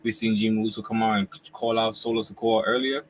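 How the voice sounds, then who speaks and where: A man in his forties hosting a casual live wrestling reaction chat at home, talking in relaxed slang while he eats. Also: on the low side, quick pace, a little hiss or hum, low-quality recording. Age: 40s. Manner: laid-back slangy talk, eating while talking. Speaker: wrestling YouTuber host.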